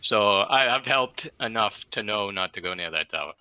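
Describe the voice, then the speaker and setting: Bright-toned low man sharing a wry anecdote. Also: expressive, normal speed, smooth, dry recording, poor audio. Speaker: podcast panelist. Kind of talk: casual gaming panel chat.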